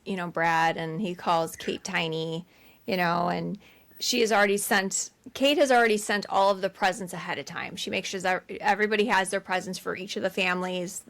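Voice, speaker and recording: A woman co-hosting a podcast, retelling a film in an animated way and acting out the scenes. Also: mid-range voice. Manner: animated retelling, acts out scenes with quoted voices and laughs. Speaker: podcast co-host. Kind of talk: casual chat recapping a film.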